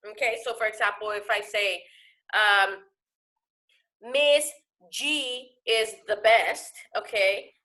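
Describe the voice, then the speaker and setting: A woman teacher giving a recorded lesson to her students, explaining patiently and often pausing to ask "okay?". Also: on the high side, pushed and bright.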